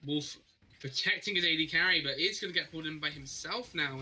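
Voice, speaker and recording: A man giving live play-by-play commentary on an esports match, reacting quickly and sometimes repeating words when excited. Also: a little high, breathy edge, poor audio. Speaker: esports caster.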